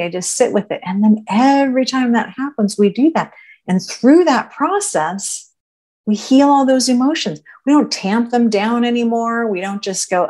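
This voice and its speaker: A woman podcast guest in conversational teaching mode, reflective and gentle, who often voices imagined inner thoughts and checks in with "right?". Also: a little high, lively intonation, moderate pace.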